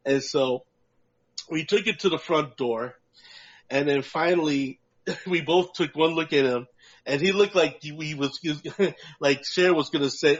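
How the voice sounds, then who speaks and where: A man's voice: on the high side, normal speed. Laughing, profane male podcast storyteller. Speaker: podcast co-host. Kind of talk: casual storytelling chat. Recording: muffled lo-fi audio.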